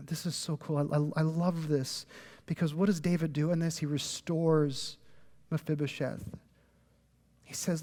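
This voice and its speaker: A man's voice: fairly high pitch, steady tone, moderate pace, dark tone, big-room sound. A man preaching a sermon as a pastor, casual and emphatic, leading the audience to answer back. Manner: conversational, emphatic, frequent "like"; leads the audience in call-and-response. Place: church sanctuary.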